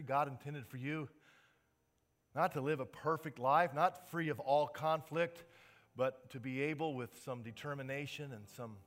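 Bright-voiced preacher delivering an impassioned sermon. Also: male voice, medium pitch. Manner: impassioned, rising to emphatic peaks then dropping soft. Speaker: pastor. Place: church.

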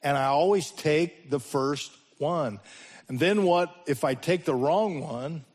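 A man preaching a sermon as the pastor, his voice swinging between sudden loud rises and slow, hushed drops. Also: a little high.

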